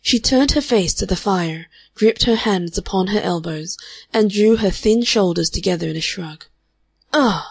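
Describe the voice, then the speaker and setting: Female audiobook narrator, measured delivery, mid pitch, dry close recording. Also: creaky, darkish tone, breathy edge, no echo. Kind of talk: scripted narration of a classic novel.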